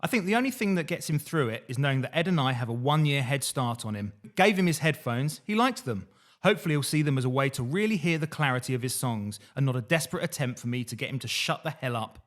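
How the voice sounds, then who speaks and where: A man hosting a podcast, reading diary entries in a dry, deadpan way between casual chat. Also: mid-range voice, fast talker. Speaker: podcast host reading diaries.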